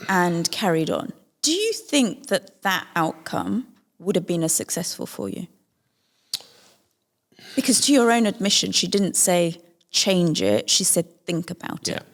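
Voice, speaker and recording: A woman hosting a podcast interview, her voice lively in pitch with a gravelly edge. She asks probing follow-up questions in a steady interviewer style. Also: unhurried. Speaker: podcast host.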